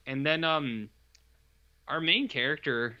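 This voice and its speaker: A man co-hosting a podcast, casually retelling a horror film in a rambling, animated way. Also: fairly high pitch, slow pace, no room sound, muffled recording. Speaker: podcast co-host reviewing horror films. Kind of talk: casual chat.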